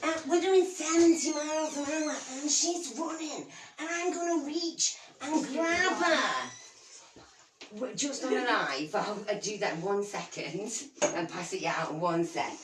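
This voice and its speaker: Woman putting on a Scottish comedian spinning a tall tale, animated, high and drawn-out, roomy far-off sound, noisy stream. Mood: animated storytelling. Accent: put-on Scottish.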